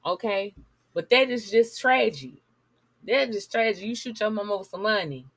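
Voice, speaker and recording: A woman's voice: mid-range voice, normal speed, dry recording. A woman giving blunt, sassy commentary while reading news articles aloud to her viewers.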